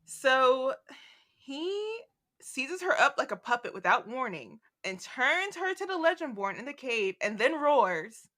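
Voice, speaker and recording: Bright animated woman podcaster. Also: high voice, unhurried. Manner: animated, laughing, reads quotes with dramatic flair. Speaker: podcast co-host. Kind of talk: casual book discussion.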